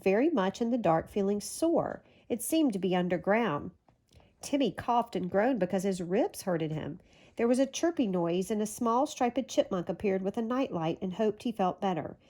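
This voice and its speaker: A woman reading a children's story aloud in a gentle, even storytelling manner. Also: mid-range voice, normal speed. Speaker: storybook reader.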